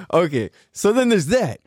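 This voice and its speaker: A man's voice: high-pitched, darkish tone, dry recording, clean studio sound. A man doing a casual comedic monologue as a podcast host, laughing often, swearing freely and using slang.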